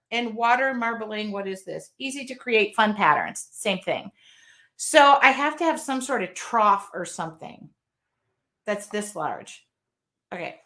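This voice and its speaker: A woman's voice: a little high, pushed and bright. A woman hosting a casual live unboxing from her art studio, chatty and rambling as she reads out viewer comments. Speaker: craft video host.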